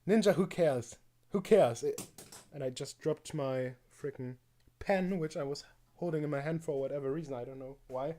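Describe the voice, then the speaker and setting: A man's voice: fairly high pitch, moderate pace, mellow. A man streaming live, reacting to a video with rambling, mocking commentary, full of fillers and laughs.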